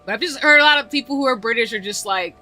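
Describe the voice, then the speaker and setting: A woman's voice: fairly high pitch, very fast, pushed and bright. A woman streaming a game, chatting casually and answering her chat in slangy, chatty talk. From United States.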